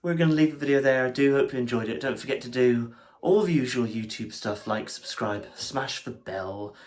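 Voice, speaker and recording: A male vlogger wanders a busy seaside village after dark, narrating into a handheld camera. His pitch sits in a middle range for a man, and his talk is chatty and rambling, full of repeated words and false starts. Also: brisk. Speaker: vlogger, host. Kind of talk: casual walking vlog commentary.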